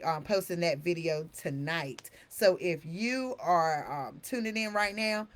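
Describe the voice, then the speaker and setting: A woman's voice: fairly low pitch, fairly bright tone. A woman hosting a live stream talk, chatty and familiar, calling her viewers honey. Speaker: host.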